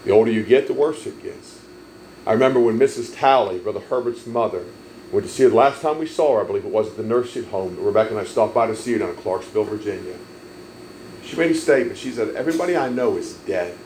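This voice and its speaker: A man preaching a sermon, telling stories emphatically and swelling loud on key lines. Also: lowish voice, quick pace, a little hiss or hum, low-quality recording. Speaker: pastor.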